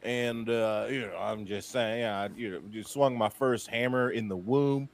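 A man from South Florida co-hosting a casual show, telling stories with swearing and quick laughter. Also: mid-range voice, steady tone, slight background noise. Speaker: co-host reacting to a video. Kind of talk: casual profane storytelling.

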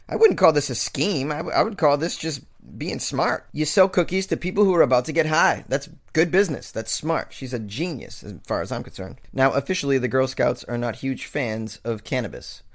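A man's voice: medium pitch, animated, moderate pace. A male host reading quirky news stories aloud and breaking off into sarcastic, joking commentary. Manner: reads headlines then riffs with sarcastic, jokey asides.

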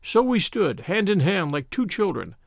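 Guy reading a story aloud, high voice, super lively and dramatic. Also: moderate pace, gravelly, no room sound, studio quality. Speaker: audiobook narrator. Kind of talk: scripted narration.

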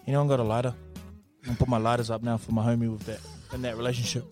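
A man's voice: mid-range voice, very fast, soft background music. A man hosting a show, chatting casually and reacting to listener messages with lots of laughter. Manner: animated, laughs often, jokey. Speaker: radio show host.

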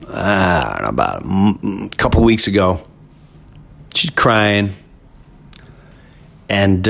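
A middle-aged man hosting a podcast, telling a story in an animated, rambling way and often repeating himself. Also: on the low side, creaky. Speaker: podcast host. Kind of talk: casual storytelling monologue.

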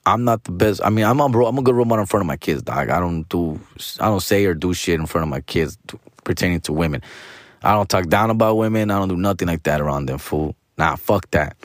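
A man's voice: deep voice, no echo, clean studio sound. Slangy man rambling on a podcast. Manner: slangy, profane, rambling, mixes in Spanish. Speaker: podcast host. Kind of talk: casual podcast monologue.

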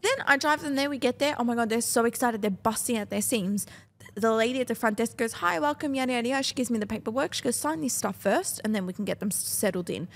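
A young woman, co-hosting a podcast and telling a story in casual, animated chat, swearing often and acting out other people's lines. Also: fairly high pitch, fast. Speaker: podcast co-host.

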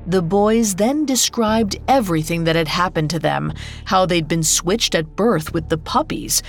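Slow, low-voiced woman narrating a fairy tale. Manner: measured, unhurried storytelling. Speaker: storyteller.

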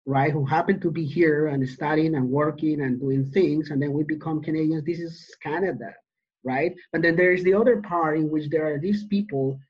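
A man's voice: a little high, fairly even intonation, normal speed, slightly rough. A man from Colombia, a guest in a casual conversation, telling his experiences earnestly and acting out the exchanges he recalls. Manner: earnest storytelling, acts out quoted exchanges. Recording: dull lo-fi sound.

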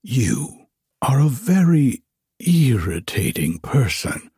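A man voicing a vain, touchy firework rocket in a storybook, speaking in a self-important, complaining way with a breathy voice. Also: medium pitch, sing-song, slow pace, mellow, no echo, clean studio sound, pitched above the performer's own voice, full character voice. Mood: haughty.

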